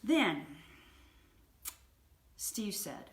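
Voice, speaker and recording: A woman hosting a book review, retelling an anecdote in a vivid, animated storytelling manner. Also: medium pitch, normal speed. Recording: roomy echo.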